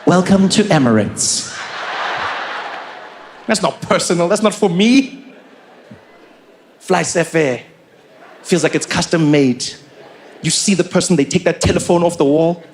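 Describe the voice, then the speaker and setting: A male stand-up comedian with a fairly high voice tells a story to a crowd in an animated, playful way. He slips into quick impressions, and faint noise sits under the voice.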